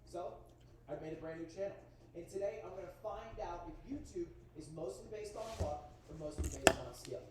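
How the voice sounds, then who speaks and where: A young man in his twenties narrating his own vlog in a brisk, chatty, self-assured way. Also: high-pitched, a little hiss or hum. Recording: echoey, distant playback on a stream.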